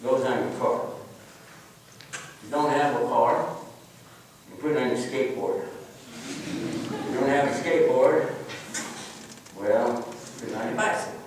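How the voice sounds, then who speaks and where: A man's voice: mid-range voice, unhurried, long pauses, far from the mic, a little hiss or hum. Folksy man preaching in an echoey hall. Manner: folksy, joking, lively storyteller. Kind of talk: storytelling talk to an audience. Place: lecture hall.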